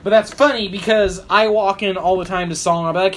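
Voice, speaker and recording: A man's voice: high voice, steady tone, brisk, few pauses, fairly bright tone. A man co-hosting a podcast in casual chat, rambling and hesitant, with many fillers. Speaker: podcast co-host.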